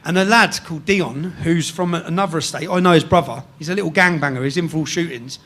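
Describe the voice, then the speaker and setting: English man, higher-pitched, casual animated storyteller, salty language, checks in with "yeah?". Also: fast. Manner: swears freely, keeps tagging sentences with "yeah?". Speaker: guest storyteller.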